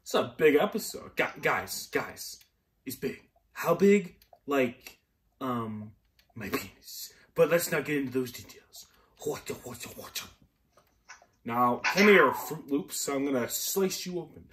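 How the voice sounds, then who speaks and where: Excitable man shrieking while gaming. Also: measured pace, distant mic. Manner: excitable, jokey, breaks into high shrieks. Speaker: gaming channel host. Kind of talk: casual gaming chat.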